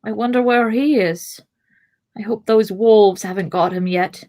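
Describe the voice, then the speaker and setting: A woman voicing a worried young male hobbit in a read-aloud fantasy story, speaking softly and slowly. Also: mid-range voice, voice pushed up, close to an everyday voice.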